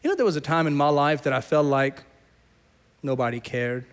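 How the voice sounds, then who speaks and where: A middle-aged man from South Asia preaching a sermon as pastor, telling stories with lively, acted-out quotes. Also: on the high side, brisk, clear, resonant tone. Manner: animated storyteller, acts out quoted voices.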